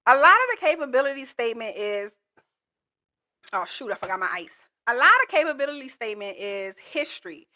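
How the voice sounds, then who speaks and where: A woman's voice: a little high, expressive, brisk, pushed and bright, a little hiss or hum. A woman coaching viewers in a live stream, talking in an emphatic, repetitive, colloquial way. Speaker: proposal coach.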